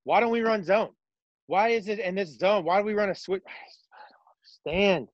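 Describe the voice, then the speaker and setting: A man co-hosting a casual sports chat, ranting in an animated, profane way. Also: sits high, brisk, dry recording, highs cut off. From Texas. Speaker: podcast co-host.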